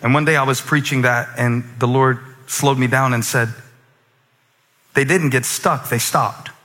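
A man preaching a sermon with great passion, swinging from near-shouts down to hushed, quiet lines. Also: medium pitch, steady tone, measured pace. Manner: impassioned, rising to near-shouts and dropping to hushed asides. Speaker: pastor. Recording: long hall reverb.

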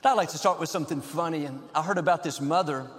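A man preaching a sermon as pastor, upbeat and measured, building points in rhythmic lists. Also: fairly high pitch, big-room sound.

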